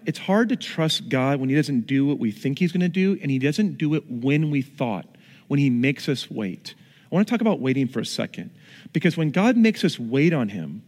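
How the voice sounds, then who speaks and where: A man's voice: on the high side, darkish tone. A male pastor preaching a conversational sermon with acted-out asides in a church. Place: church sanctuary. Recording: long reverb in a large hall.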